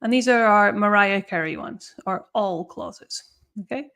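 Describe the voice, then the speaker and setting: A woman's voice: medium pitch, measured pace, a bit bright, clear, resonant tone. A woman teaching English grammar in a live online lesson, explaining patiently and often checking in with "okay?" and "no?".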